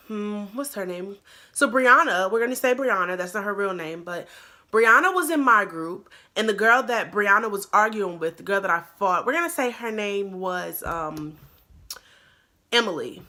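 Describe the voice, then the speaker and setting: A young woman vlogger telling a story in casual, slangy chat, animated and acting out her own quotes. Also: mid-range voice. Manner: animated, acts out quotes in a louder voice; slangy, lots of "like" and "bro". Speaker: YouTuber.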